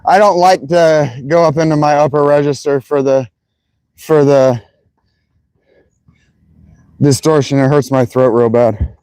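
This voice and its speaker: A man's voice: fairly high pitch, steady tone, unhurried, long pauses, darkish tone, clean tone, no room sound, poor audio. A man streaming, chatting casually and loosely, swearing as he muses aloud. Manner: loose and profane, musing aloud. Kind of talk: casual chat.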